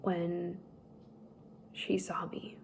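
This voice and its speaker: A young woman slowly telling a personal story, halting and emotional at times. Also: on the low side, completely flat delivery, vocal fry, a little hiss or hum. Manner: slow, halting, tearful at times. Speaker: speaker sharing a personal story.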